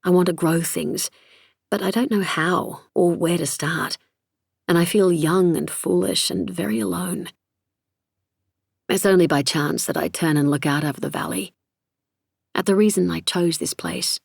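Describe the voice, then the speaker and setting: A woman narrating a novel in the first person, measured and reflective, recorded close in a studio. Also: on the low side, fairly even intonation, creaky, slightly rough, no echo. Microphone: close studio mic.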